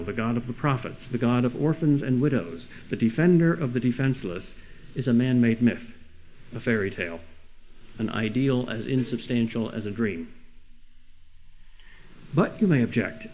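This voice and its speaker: A man's voice: mid-range voice, darkish tone, slight background noise, poor audio. A man delivering a sermon-like lecture, earnest and full of rhetorical questions with rising emphasis. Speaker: speaker.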